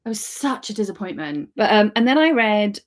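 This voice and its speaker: In a sing-song, mid-range voice and at a fairly quick clip, a thirtysomething woman talks excitedly about books she's read on a podcast she co-hosts. The chat is relaxed, and she keeps revising herself mid-sentence.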